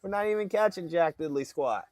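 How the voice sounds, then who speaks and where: A man on a livestream, telling a story in a lively voice that swings up and down in pitch. His voice sits a little high for a man, and the sound is close and dry. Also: fairly quick, dry recording. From Alaska. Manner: animated storyteller, acts out family voices. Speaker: livestream host. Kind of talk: casual storytelling to live chat. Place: fishing boat outdoors. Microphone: phone livestream.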